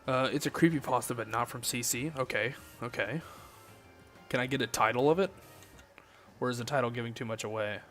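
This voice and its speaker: A man's voice: mid-range voice, brisk, long pauses, faint music behind. Laid-back Southern US man streaming late at night. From Southern United States. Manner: relaxed, joking, chatting with viewers. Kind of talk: casual late-night game stream chat.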